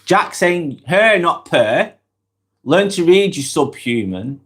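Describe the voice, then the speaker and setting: Lancashire man with a cold, lively pitch. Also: slow pace. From Lancashire, northwest England. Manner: chatty, reads out comments and answers them directly. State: has a cold. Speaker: live-stream vlog host. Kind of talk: casual live-stream chat reading viewer comments.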